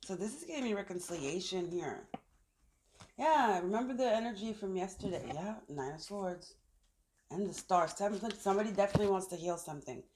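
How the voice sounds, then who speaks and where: A woman's voice: mid-range voice, animated, fairly quick, noisy background. Chatty woman reading tarot cards. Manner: chatty, thinks aloud while pulling cards. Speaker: tarot reader. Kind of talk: casual tarot reading to camera. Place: outdoors in the sun.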